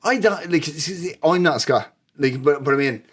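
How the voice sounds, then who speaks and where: A man's voice: fairly high pitch, moderate pace, breathy edge. A man with an Irish accent, co-hosting a film podcast in casual chat, repeating words and often asking "do you know what I mean". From Ireland. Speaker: podcast co-host.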